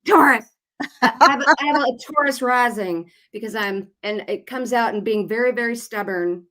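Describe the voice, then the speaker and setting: A woman's voice: fairly high pitch, normal speed, fairly bright tone. A woman guest who works as a singer and voiceover artist, chatting casually on a live stream in an upbeat manner.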